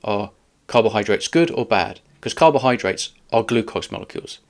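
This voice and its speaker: A man hosting his channel reacts to a clip, pushing back at it sarcastically and argumentatively. He speaks at a normal speed in an expressive, somewhat low voice.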